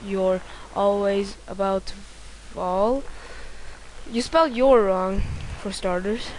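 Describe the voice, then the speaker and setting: A woman doing let's play commentary, excitable, swearing a lot and yelling at the game. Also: mid-range voice, slight background noise. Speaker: gameplay commentator.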